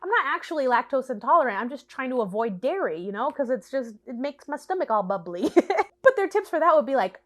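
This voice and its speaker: A woman in her late twenties giving a sarcastic, animated product review rant, acting out quotes. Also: high voice, a little fast. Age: late 20s. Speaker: vlogger.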